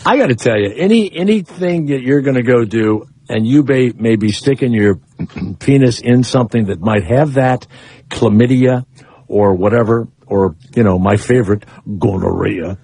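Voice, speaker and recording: A man's voice: medium pitch, moderate pace, warm tone, slightly rough, no room sound. A man hosting a radio show, chatting casually in a loose, rambling, crude way with plenty of fillers and restarts. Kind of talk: casual on-air banter.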